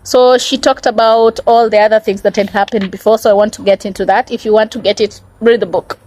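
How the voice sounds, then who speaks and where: A woman's voice: mid-range voice, fairly even intonation, brisk, a little mellow, slight background noise, poor audio. A woman talking casually in a book review vlog, explaining passages and checking in with "okay?".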